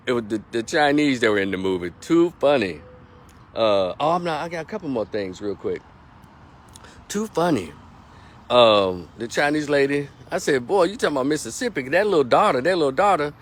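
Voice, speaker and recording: A middle-aged man, a movie reviewer in a casual vlog, retelling scenes in a rambling, animated way with plenty of profanity. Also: mid-range voice, unhurried, pauses often.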